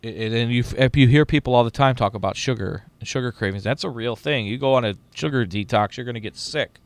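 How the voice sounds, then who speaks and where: A man's voice: medium pitch, fast, no echo. A middle-aged man in casual chat as a podcast host, rambling and profane with lots of restarts.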